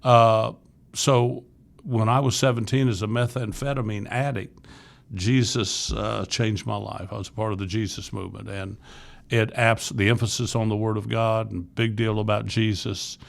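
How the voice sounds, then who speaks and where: A man's voice: fairly low pitch, flat delivery, normal speed, gravelly. A man in his sixties from Florida, telling his life story as a podcast guest in an earnest, candid way, with frequent restarts. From Florida, USA. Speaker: podcast guest, youth ministry leader. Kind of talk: casual interview storytelling.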